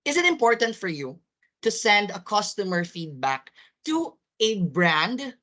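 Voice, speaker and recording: A woman running a live online staff training over a video call, upbeat and rising high when she questions her audience. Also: very animated, unhurried, fairly bright tone. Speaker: corporate trainer.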